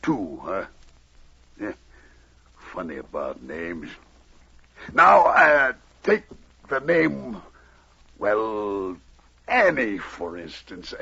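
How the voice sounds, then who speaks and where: A big, gravelly backwoods trapper, slow-spoken with wide swings in pitch. The old radio recording sounds dull. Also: male voice, very animated, full character voice. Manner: bellowing when angry, gentle with the dog. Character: big, gruff but shy male trapper. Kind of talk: 1940s radio acting.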